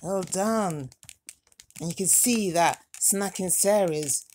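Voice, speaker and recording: A woman hosting a doll unboxing vlog at home, talking to her dolls in a gentle, motherly baby-talk voice. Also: on the low side, takes it slowly, a little hiss or hum. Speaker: doll collector and channel host.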